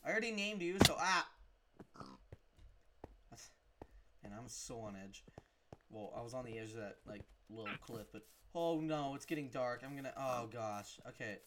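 Jumpy gamer, lively pitch, noisy recording. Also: normal speed, pauses often. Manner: jumpy, talks to the game. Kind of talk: let's play commentary.

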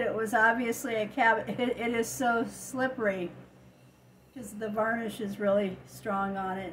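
Older woman, slow chatty vlog talk, slightly high voice, faint room noise. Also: rough recording. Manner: chatty, storytelling, laughs often. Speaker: vlogger. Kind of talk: casual chat. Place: at home.

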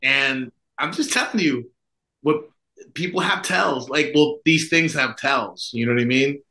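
A man's voice: medium pitch, unhurried, pushed and bright, poor audio. A man who is an Orthodox priest co-hosting a podcast, talking in a rambling, casual way full of fillers and asides. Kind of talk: casual conversational chat.

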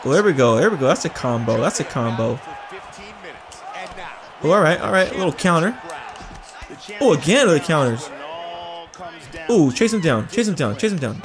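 A man playing a fight game, reacting excitedly, yelping, laughing and trash-talking his opponent. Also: on the high side, normal speed, long pauses. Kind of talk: excited let's-play reactions. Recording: game arena crowd noise behind. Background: video game crowd noise.

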